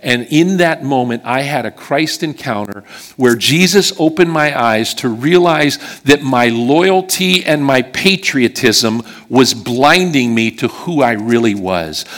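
In a medium-pitched, animated, slightly bright voice, a middle-aged man from western Pennsylvania delivers a sermon a little slowly. He recounts a personal story conversationally and keeps checking in with the congregation.

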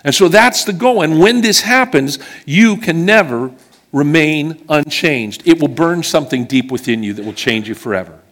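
An earnest man preaching to his church in a fairly high voice. He tells stories with emphasis and sinks low and soft on the words that matter most. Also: lively intonation, moderate pace. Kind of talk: sermon with personal stories. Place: church service before a congregation.

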